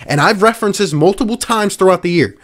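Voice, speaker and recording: A sports podcast host from the Philadelphia area delivers an angry rant in a high, fast, fairly bright voice. Sarcastically exasperated, he repeats his points for emphasis.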